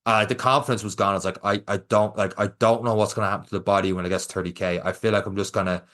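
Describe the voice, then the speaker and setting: A man's voice: on the low side, quick pace. A young Irish man co-hosting a podcast, telling a race story in casual chat and acting out what people said. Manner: animated storyteller, acts out quotes. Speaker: podcast co-host.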